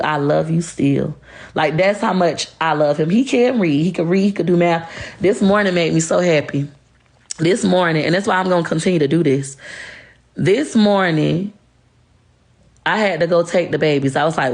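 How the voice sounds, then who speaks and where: A woman's voice: low-pitched, creaky, a little mellow. A woman speaking bluntly and heatedly to camera, cursing freely. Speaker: social media creator talking about her marriage. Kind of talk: candid monologue to camera.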